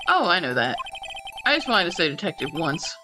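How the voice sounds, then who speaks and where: A woman reading the lines of a pompous, excitable young bellboy who keeps saying "sir", with game music behind. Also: on the low side, fairly quick. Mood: theatrical. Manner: theatrical, eager, formal with "sir".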